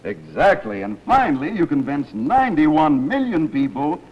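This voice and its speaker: A man hosting a television game show in a lively, chatty, animated manner, recorded in a studio. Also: on the high side, normal speed, slightly rough, highs cut off. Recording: old noisy broadcast with studio audience.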